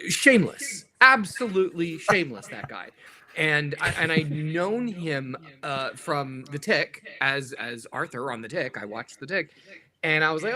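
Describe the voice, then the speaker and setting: A man who is a guest on a podcast, a TV executive and voice actor, telling stories in casual chat, animated and often laughing. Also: fairly high pitch, measured pace.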